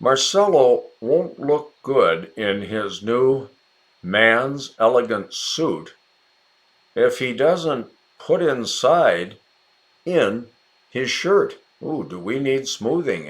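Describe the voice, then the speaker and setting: An American man teaching English in a relaxed, chatty lesson. He talks slowly and carefully, and his pitch swings up and down a lot. He encourages his viewers and calls out to them by name. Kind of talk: casual ESL lesson narration.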